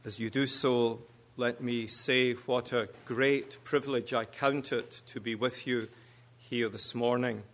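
A man preaching as a guest minister, speaking in measured, deliberate short phrases. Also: medium pitch, fairly even intonation, fairly bright tone. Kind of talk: sermon.

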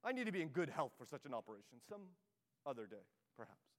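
A man's voice: mid-range voice, sing-song, fast talker, voice pushed down, close to an everyday voice. A man reading aloud as a dithering male ghost who hedges and makes polite excuses, with a long hall reverb behind him. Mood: evasive. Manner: hedging, evasive, politely flustered.

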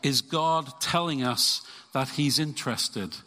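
A man's voice: mid-range voice, takes it slowly, bright, forceful tone. A middle-aged man preaching an earnest, emphatic sermon as pastor at a church service. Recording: reverberant church hall.

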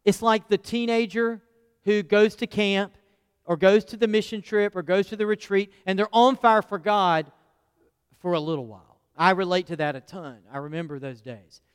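Folksy preacher in a reverberant church. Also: male voice, high voice, steady tone, normal speed, clear, resonant tone. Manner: folksy, asks the congregation questions. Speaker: pastor. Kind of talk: conversational sermon. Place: church sanctuary. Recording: long church hall reverb.

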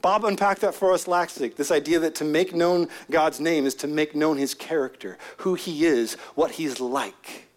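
A man preaching a sermon, swinging from loud emphatic peaks down to hushed near-whispers. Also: on the high side. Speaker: pastor. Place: outdoor gathering with a prayer tent.

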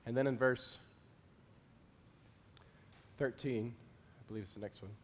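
A man preaching a sermon as pastor, earnest, moving between loud pleading prayers and quiet asides. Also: medium pitch, fairly even intonation, a little slow. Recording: long hall reverb.

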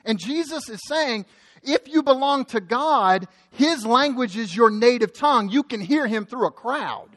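A man preaching a sermon as pastor, impassioned, with a repetitive cadence that swings between loud emphasis and quiet intensity. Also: very high voice, animated, normal speed, hardly any pauses.

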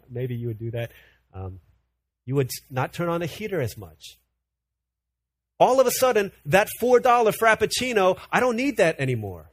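A man preaching a sermon in an animated way, often repeating words as he builds a point. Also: fairly high pitch. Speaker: pastor.

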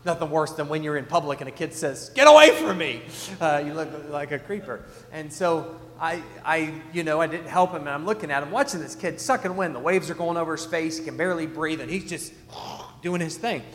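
Animated preacher man in an echoey hall. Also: on the high side, brisk. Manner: animated storytelling, swings from loud to hushed. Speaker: pastor. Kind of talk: sermon.

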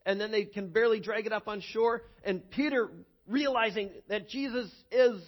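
Male pastor with a high voice, preaching an animated sermon with stumbling repeats, recorded lo-fi. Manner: animated storytelling with many repeated words. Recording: dull lo-fi recording.

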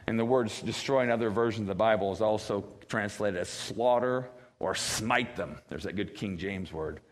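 A pastor preaching a sermon, acting out quoted voices in a high wail and a grave low tone. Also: male voice, moderate pace, hardly any pauses. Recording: long reverb of a church hall.

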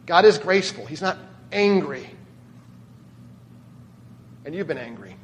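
High-voiced pastor preaching in a hall. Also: male voice, lively intonation, unhurried, highs cut off. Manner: conversational, asks the congregation questions. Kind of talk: sermon. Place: church.

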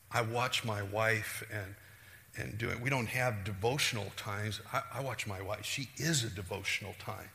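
A middle-aged man preaching a sermon as a pastor, animated, acting out quoted voices and moving between loud bursts and hushed asides. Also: fairly low pitch, normal speed. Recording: reverberant hall.

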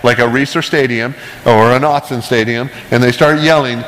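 A man's voice: mid-range voice, steady tone, moderate pace, fairly bright tone, big-room sound, low-quality recording. A male pastor preaching a casual, conversational sermon with chatty, self-deprecating asides and frequent "right?" checks.

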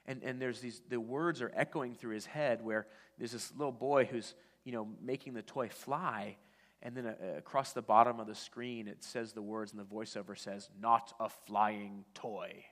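A man's voice: mid-range voice, normal speed. A man preaching a sermon, telling a story conversationally with frequent restarts. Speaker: pastor. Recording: long church-hall reverb.

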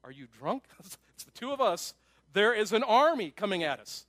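A man's voice: high-pitched, very animated, normal speed, fairly bright tone, no room sound, clean studio sound. A preacher voicing a panicked young male servant in a sermon, with alarmed, incredulous exclamations.

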